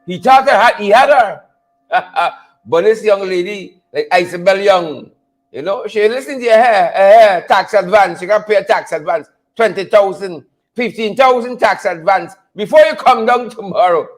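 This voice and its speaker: A man hosting a livestream, animated and repetitive, laughing often and greeting viewers by name. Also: high-pitched, moderate pace. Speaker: livestream host. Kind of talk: casual livestream commentary.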